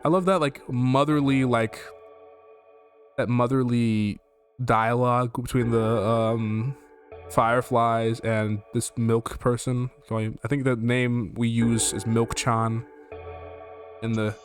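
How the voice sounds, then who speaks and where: A man streaming a game from home, reading its text aloud and rambling in jokey, profane asides, easily startled. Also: medium pitch. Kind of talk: casual let's play commentary, reading game text aloud. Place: at home with his dog.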